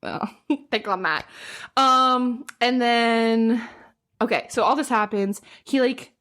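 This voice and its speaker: A woman's voice: fairly high pitch, takes it slowly, a bit bright. A young adult woman co-hosting a podcast, recapping a book's plot in casual chat, full of "like" and acting out characters' lines. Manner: chatty, fills with "like", acts out characters' lines. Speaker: podcast co-host.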